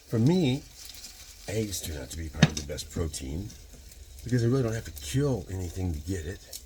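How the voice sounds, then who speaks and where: A man's voice: low-pitched, sing-song, background noise. A man in his sixties with a Michigan accent, chatting casually in his home kitchen while cooking, rambling into philosophical tangents and speeding up in bursts. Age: 60s. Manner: talks fast in bursts. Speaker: vlogger.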